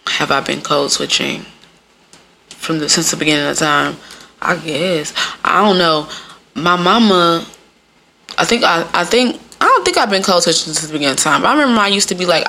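A woman's voice: lowish voice, vocal fry, pushed and bright. A young adult woman hosting a podcast in casual, profane talk, laughing often and mimicking people in quotes. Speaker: podcast host.

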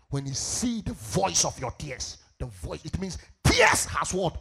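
Ghanaian man, pastor, sermon, call-and-response, very lively pitch, husky, faint background music. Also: unhurried, hardly any pauses. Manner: preaching with call-and-response questions, shouting and sing-song swells.

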